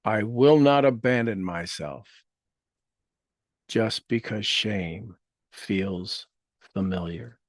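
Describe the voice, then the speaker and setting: A man leading a guided meditation, speaking affirmations slowly and gently, repeating each phrase with soft trailing endings. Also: on the low side, no echo, clean studio sound. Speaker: meditation leader.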